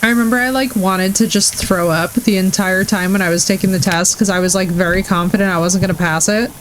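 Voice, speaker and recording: A young woman streaming live, gushing and effusive as she chats with her viewers. Her talk is casual and excitable. Faint noise sits under her voice. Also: medium pitch, fairly quick, rough recording.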